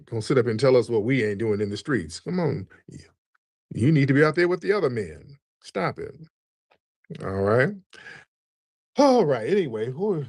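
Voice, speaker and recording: Brief: male call-in host, taunting and crude, mid-pitched voice, dry close sound. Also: lively intonation, moderate pace, pauses often, a little mellow, no echo. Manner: mocking, insulting, trash-talking. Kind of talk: call-in show banter.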